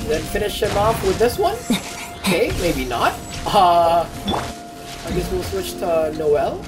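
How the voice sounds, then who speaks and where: A gamer giving casual commentary while playing, reacting loudly and swearing freely. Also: medium pitch, very animated, unhurried. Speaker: gamer playing through a game. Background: game music.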